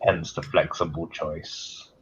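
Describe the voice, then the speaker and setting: A man's voice: a bass voice, little pitch movement, takes it slowly, over a noisy crowd. Chatty British man on lo-fi call audio. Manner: chatty, explanatory. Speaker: co-host. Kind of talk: casual online chat.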